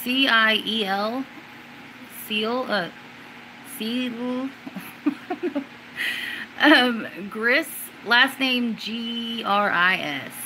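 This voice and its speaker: A woman hosting a casual question-and-answer stream, rambling with many fillers and restarts, and at times suddenly getting excited and loud. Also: on the high side, extremely slow, long pauses, slight background noise, low-quality recording. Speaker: livestream host answering viewers. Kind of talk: casual chat.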